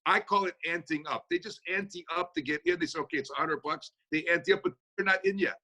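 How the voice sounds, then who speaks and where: A man answering audience questions in a motivational Q&A over a video call, talking fast in a folksy, energetic manner. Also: sits high. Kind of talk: motivational Q&A talk.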